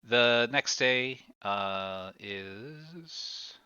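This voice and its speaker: Slow, bright-toned game master man. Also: medium pitch, animated, smooth, no echo, highs cut off. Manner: hesitant, many fillers. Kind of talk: narrating a tabletop game.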